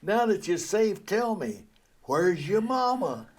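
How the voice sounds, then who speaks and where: An older man voicing a great big, kindly male bulldog in a low, gruff drawl. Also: big pitch swings, slow, a little mellow, exaggerated voice.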